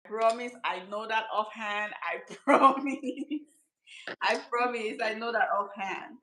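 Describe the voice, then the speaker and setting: A woman's voice: a little high, measured pace, pushed and bright, reverberant, slight background noise, rough recording. A woman hosting a casual skincare channel chat, teasing her friend and laughing often.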